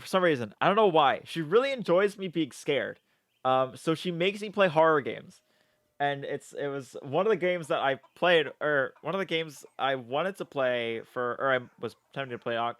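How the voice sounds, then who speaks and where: A young man chatting through a live game stream, loose and excitable, swearing freely and laughing between lines. He reads game text and viewer messages aloud in an everyday mid-range voice. The desk mic sounds close and dry. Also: medium pitch, no echo. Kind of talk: casual live-stream commentary.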